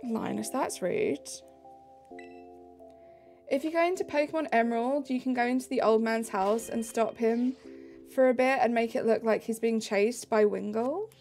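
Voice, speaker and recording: A woman's voice: on the high side, moderate pace, a little mellow, soft background music. A young woman live streaming, answering chat messages in a bubbly, casual way.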